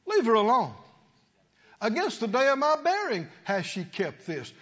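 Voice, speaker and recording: A man's voice: very high-pitched, huge pitch swings, normal speed, a bit bright. A man preaching a sermon to a congregation, calling for responses and rising to emphatic peaks. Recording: lo-fi church recording with long reverb.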